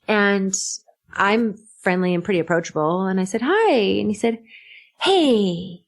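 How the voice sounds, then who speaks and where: A woman's voice: medium pitch, a little slow. A middle-aged woman, a podcast guest, telling stories in casual chat, laughing and acting out what people said. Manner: animated, laughing, acts out quotes.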